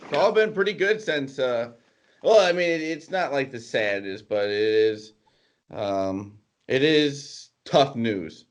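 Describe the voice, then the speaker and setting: Halting male podcast co-host. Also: medium pitch, expressive. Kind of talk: casual podcast chat.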